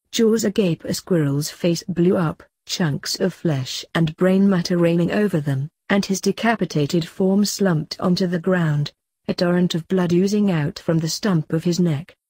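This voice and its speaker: Husky low-voiced woman reading a story. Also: warm tone, no room sound. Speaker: fanfiction reader. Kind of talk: reading fanfiction aloud.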